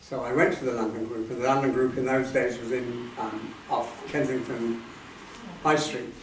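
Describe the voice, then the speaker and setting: A man in his seventies shares personal memories at a talk, speaking softly and reflectively and letting his sentences trail off. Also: mid-range voice, little pitch movement, normal speed. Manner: reflective, soft-spoken, trailing off at line ends. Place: meeting hall at a centre. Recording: echoey hall, distant mic, faint noise.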